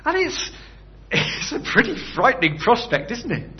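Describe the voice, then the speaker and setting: A man's voice: extremely high pitch, huge pitch swings, moderate pace, highs cut off. A man preaching a sermon in a conversational way, often putting rhetorical questions to his listeners.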